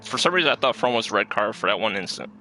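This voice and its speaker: A man co-commentating a sim racing league with a bright, forceful voice. He stays laid-back, chuckles often, and talks through pit strategy. Faint noise sits under his voice. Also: on the low side, animated, fast, poor audio.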